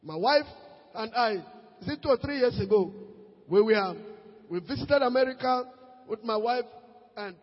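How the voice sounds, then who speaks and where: A Nigerian man preaching a sermon as pastor, swinging between shouted peaks and low asides, slipping into Pidgin. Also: lively intonation, moderate pace, long pauses, big-room sound, highs cut off. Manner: preaches with sudden shouted rises and quiet drops, mixes in Pidgin.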